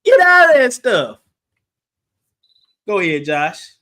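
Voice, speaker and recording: A man leading an animated Bible study, preaching with shouted exclamations and joking asides. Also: high voice, takes it slowly. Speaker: Bible teacher.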